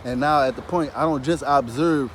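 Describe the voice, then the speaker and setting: A man with a medium-pitched voice speaks at a moderate pace in a casual monologue about spirituality. His talk is loose, he swears freely, and he drops "you hear me" after nearly every phrase.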